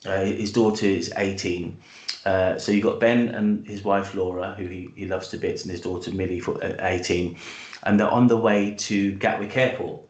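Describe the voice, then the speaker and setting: A man's voice: sits low, steady tone, normal speed, darkish tone, roomy sound. A British man, a guest author, telling his story in a hesitant, enthusiastic way with many restarts. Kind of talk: casual interview chat and storytelling.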